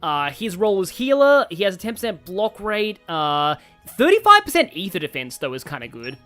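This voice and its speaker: A man's voice: high voice, huge pitch swings, normal speed, fairly bright tone. A man streaming a game, thinking aloud in a rambling casual way with many fillers. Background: faint game music.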